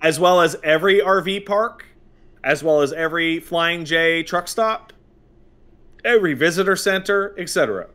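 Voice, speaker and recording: Man, Canadian accent, from Montreal, podcast host, bright tone, animated storytelling. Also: on the high side, moderate pace. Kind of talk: casual podcast chat.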